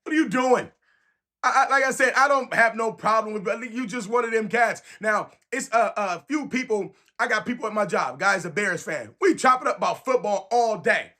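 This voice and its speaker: High, bright-voiced Bay man ranting. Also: fairly quick, hardly any pauses. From San Francisco. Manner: animated, emphatic, repeats phrases. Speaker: sports fan vlogger. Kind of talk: casual fan rant to camera.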